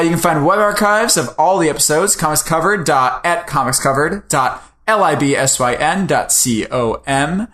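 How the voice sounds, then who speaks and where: A fairly high-voiced man with a bright, forceful tone, chatting loosely as a podcast co-host. He rambles and makes fun of himself. The room around him rings with a noticeable echo. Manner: rambling, joking, self-deprecating. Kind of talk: casual podcast chat. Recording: roomy echo.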